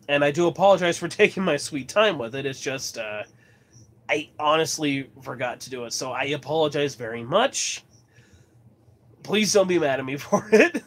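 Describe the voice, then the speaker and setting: A man from Colorado chatting casually as host of his livestream, rambling and laughing often. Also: fairly high pitch. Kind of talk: casual chat.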